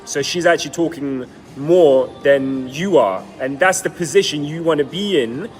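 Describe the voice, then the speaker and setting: A man's voice: fairly high pitch, moderate pace. A man coaching on dating, explaining approach mistakes and acting out sample pickup lines. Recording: long reverb with faint music.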